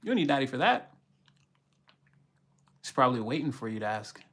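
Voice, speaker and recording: A man's voice: mid-range voice, sing-song, fairly quick, fairly bright tone. A man reading tarot on a live stream, chatting casually, preaching motivation and greeting his viewers by name.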